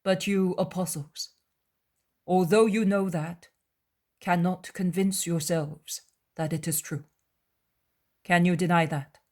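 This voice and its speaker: A calm, wise male teacher, voiced by a woman reading a dramatized audiobook. He speaks in a measured, earnest and gentle way. The voice stays low and unhurried.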